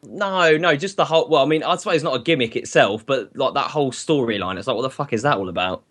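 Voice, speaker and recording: A man's voice: medium pitch, quick pace, a bit bright. A man hosting a casual podcast, bantering and laughing with friends. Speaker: podcast host. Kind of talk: casual group chat.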